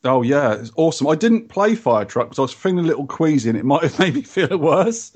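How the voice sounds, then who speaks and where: Chatty, jokey podcast host. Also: male voice, fairly high pitch, sing-song, fast talker, darkish tone, breathy edge. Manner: jokey, enthusiastic, rambling. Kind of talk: casual chat.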